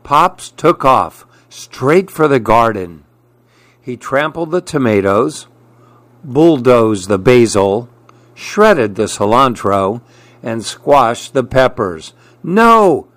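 A man reading a children's picture book aloud in a deliberate storytelling manner. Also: mid-range voice, lively intonation, a bit bright, no room sound. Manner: slow, deliberate read-aloud.

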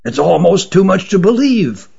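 A man's voice: sits high, sing-song, normal speed, gravelly, dark tone, husky, highs cut off, pitched above the performer's own voice, exaggerated voice. Man voicing an earnest, anxious male adventurer. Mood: pondering.

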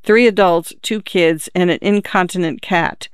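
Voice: mid-range voice, steady tone, a little slow, clear, resonant tone, no room sound, clean studio sound, close to an everyday voice. Reader voicing a fed-up young father. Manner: plain-spoken, exasperated. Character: frustrated young father, a displaced man. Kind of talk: audiobook character voice.

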